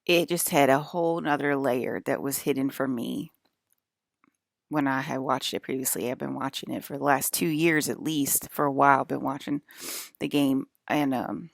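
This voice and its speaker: A woman's voice: rumbling low, fairly even intonation, normal speed, gravelly, dry recording, clean studio sound. A woman in a casual, rambling monologue, swearing freely and filling her speech with "like" and "um.". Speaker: vlogger.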